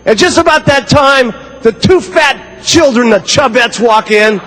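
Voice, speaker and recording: High-voiced theatrical male speaker. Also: measured pace, fairly bright tone, long reverb tail, a little hiss or hum, low-quality recording. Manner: theatrical, storytelling. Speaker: motivational speaker. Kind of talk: animated sales speech with acted scenes.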